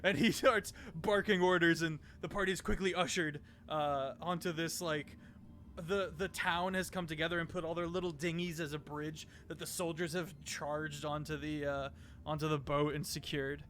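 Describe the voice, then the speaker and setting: A man's voice: a little high, flat delivery, normal speed, fairly bright tone. A man narrating as game master of a tabletop game, hesitant, with many fillers.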